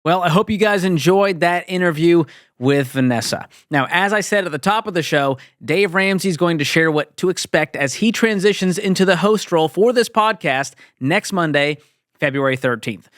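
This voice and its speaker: A man's voice: high voice, moderate pace, a bit bright, dry recording. Dry-sounding upbeat podcast host man. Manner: upbeat, complimentary. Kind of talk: interview hosting.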